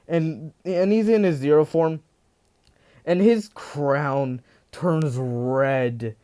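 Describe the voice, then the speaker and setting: Slow, rambling man telling a story. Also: fairly high pitch, mellow, clear, resonant tone. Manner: rambling, full of "you know" and restarts. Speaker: fan fiction storyteller. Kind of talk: casual spoken storytelling.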